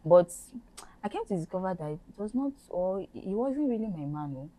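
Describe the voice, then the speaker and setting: A young woman telling a personal story in casual chat, animated and self-mocking, laughing often. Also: medium pitch, moderate pace, poor audio. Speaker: podcast co-host telling her story.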